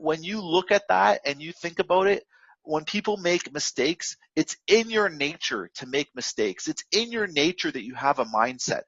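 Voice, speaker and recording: A man's voice: a little high, a bit bright, breathy edge, no room sound, highs cut off. Rambling man coaching traders. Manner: rambling, direct, lots of fillers and restarts. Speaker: trading coach. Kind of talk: unscripted motivational lesson.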